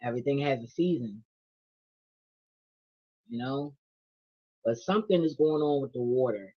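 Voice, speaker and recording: A woman's voice: extremely low pitch, moderate pace, slightly rough, lo-fi sound. A woman vlogger, telling a casual monologue full of slang and swearing. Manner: animated, profane storytelling with slang.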